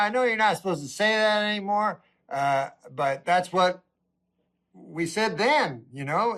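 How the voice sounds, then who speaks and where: Deadpan man musing in stand-up. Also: on the high side. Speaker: stand-up comedian. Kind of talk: stand-up monologue.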